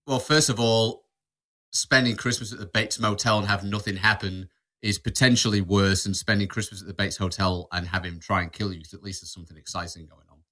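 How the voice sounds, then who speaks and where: A man's voice: on the low side, steady tone, brisk, bright, forceful tone. A man hosting a podcast in casual chat, reading out would-you-rather questions and laughing often. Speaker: podcast host.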